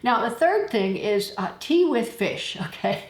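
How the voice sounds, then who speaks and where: A woman's voice: fairly high pitch, big pitch swings, measured pace. A woman hosting a travel vlog, telling chatty stories and laughing now and then. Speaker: travel channel host. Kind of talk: casual talking-to-camera vlog. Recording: echoey room.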